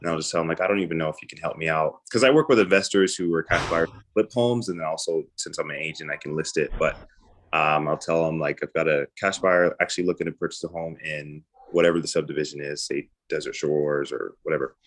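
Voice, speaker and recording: A man's voice: very deep voice, quick pace. A man who works as a real estate agent, casually describing his calls and acting out both sides of them. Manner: casual, acts out phone calls. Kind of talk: casual guest account.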